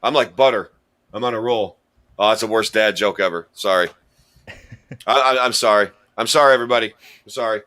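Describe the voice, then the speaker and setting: Rambling and self-deprecating, this podcast host and quiz contestant tells jokey stories in a casual chat. He speaks fairly quickly, his voice on the low side and pushed and bright.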